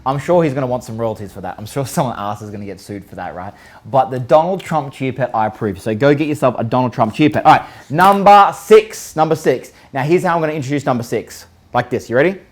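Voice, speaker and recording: An upbeat man hosts a live show and runs through a countdown with plenty of banter. He keeps tossing questions at his audience and teasing a co-host. His pitch sits right in the ordinary middle for a man. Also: fast. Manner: energetic, jokey countdown, rhetorical questions, occasional swearing. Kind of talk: live online show, casual chat.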